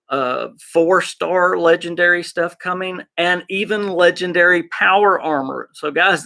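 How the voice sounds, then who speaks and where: Excited Southern man with a gravelly voice. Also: a little high. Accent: Arkansas Southern US. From Arkansas, US. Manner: excited, rambling, talks to chat. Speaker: gaming podcast host. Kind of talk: casual live-stream chat.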